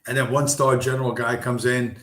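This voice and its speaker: A man hosting a stream, telling a long, rambling story with heavy profanity and many fillers. His pitch sits in a middle range. The voice echoes around a roomy space. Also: flat delivery, brisk. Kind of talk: casual rambling monologue. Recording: roomy echo.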